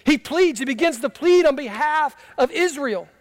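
A middle-aged pastor preaching a sermon, swinging from impassioned emphatic cries to quiet, low storytelling. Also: male voice, lively intonation, normal speed.

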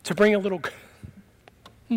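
A middle-aged pastor preaching a sermon, swinging from impassioned emphatic cries to quiet, low storytelling. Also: male voice, steady tone, normal speed.

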